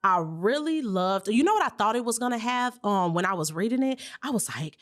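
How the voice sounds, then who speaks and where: A woman hosting a podcast, chatting casually and warmly affirming her guest. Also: fairly high pitch, lively intonation, fairly quick. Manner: enthusiastic, affirming. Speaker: podcast host. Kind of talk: casual interview chat.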